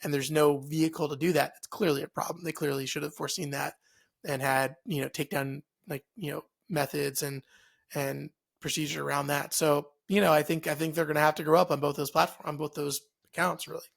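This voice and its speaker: A male podcast co-host chats casually about the news. His voice sits a bit high and carries a steady gravelly fry. He thinks aloud, circling back with fillers and self-corrections. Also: fairly quick. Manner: loose and chatty, many fillers and restarts.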